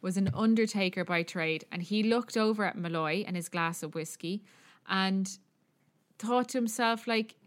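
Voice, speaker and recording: An Irish woman spins a true story for her podcast co-host. She chats loosely, full of fillers and swearing, at a steady middle pitch. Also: normal speed. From Ireland. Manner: chatty, profane, many fillers. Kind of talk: casual storytelling chat.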